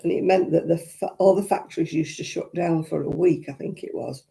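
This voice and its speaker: A woman's voice: low voice, steady tone, a little fast, creaky, dark tone. An older woman with a Lancashire accent hosting a crafting livestream, chatting casually and rambling through viewer comments with frequent chuckles. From Royton, North West England.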